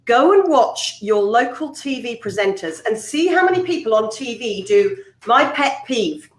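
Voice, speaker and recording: Animated woman in an echoey room. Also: a little high, moderate pace. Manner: lively, animated storytelling with playful voices. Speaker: presenter and author, panel guest. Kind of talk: casual panel chat. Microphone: video call.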